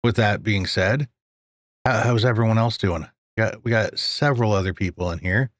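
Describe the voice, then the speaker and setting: Man, podcast host, casual live-stream chat, lowish voice, dry sound. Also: normal speed, dry recording. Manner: relaxed, chatty, greets viewers.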